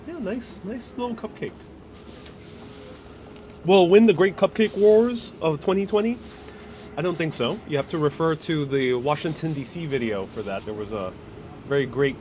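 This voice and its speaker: Chatty man live-streaming on a city walk. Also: mid-range voice. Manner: relaxed, chatty, thinks aloud with fillers. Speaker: live-stream travel vlogger. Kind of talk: casual walking live stream, reading viewer comments. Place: city streets outdoors. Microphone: phone held while walking. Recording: outdoor street noise. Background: street noise and traffic.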